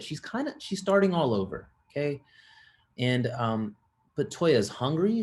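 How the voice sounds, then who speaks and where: A man of average pitch leads a live online class, talking to his students in a loose, conversational way. He breaks into quick made-up exchanges between people to make his points. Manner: conversational, addresses audience, acts out example dialogue. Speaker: real estate investing instructor.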